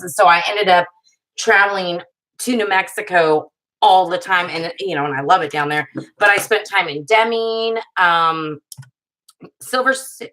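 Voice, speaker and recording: A woman in her thirties with a bright, forward voice, chatting casually on a live crafting stream. She rambles through stories as she works and laughs easily. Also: mid-range voice, rough recording. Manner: chatty, rambling storyteller who laughs often. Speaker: paper craft video host.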